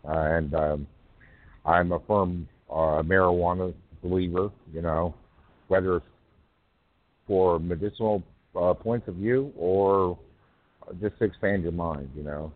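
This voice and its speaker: A man hosting a poetry call-in radio show, rambling and halting with many fillers. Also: sits low, dry recording. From North Carolina. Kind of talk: casual call-in chat. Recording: tinny phone line.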